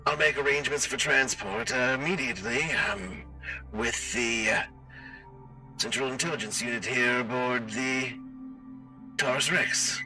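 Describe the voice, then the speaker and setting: A man voicing a polite, formal male alien trader through a robot voice changer, halting and hesitant. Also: mid-range voice, bright, forceful tone, far from the mic, soft background music, voice pushed up, poor audio. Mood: courteous.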